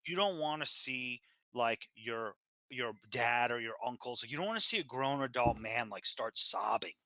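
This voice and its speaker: Bright-voiced man in crude casual chat. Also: mid-range voice, animated, normal speed, no room sound. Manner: rambling, crude, laughs while telling stories. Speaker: host.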